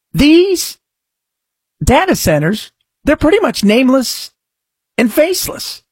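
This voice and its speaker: A man's voice: high-pitched, slightly rough, no room sound. A man delivering emphatic opinion commentary, full of rhetorical questions and frequent restarts.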